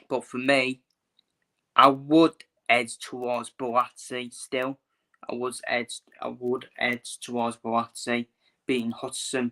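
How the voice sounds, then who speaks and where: Chatty man, bright repetitive voice. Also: medium pitch. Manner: repeats himself, fillers, talks to viewers. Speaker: boxing vlogger. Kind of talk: casual live-stream commentary.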